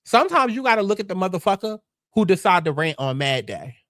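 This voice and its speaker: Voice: medium pitch, sing-song, quick pace, a bit bright, no room sound, clean studio sound. A gossip show host giving blunt, profane, sassy commentary in a casual, mocking way.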